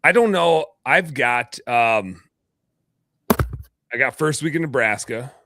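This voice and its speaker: A man's voice: medium pitch, expressive, slow pace, creaky, noisy background. A man hosting a podcast, chatting casually and joking around, cursing freely. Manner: loose, joking, swears freely. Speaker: podcast host. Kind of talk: casual chat.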